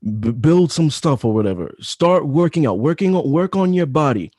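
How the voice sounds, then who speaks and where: Thirtysomething guy preaching self-improvement on a podcast, mellow voice, dry sound. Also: on the high side, expressive, moderate pace, dry recording. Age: 30s. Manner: emphatic, repetitive, preachy advice. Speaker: podcast guest. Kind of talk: casual chat.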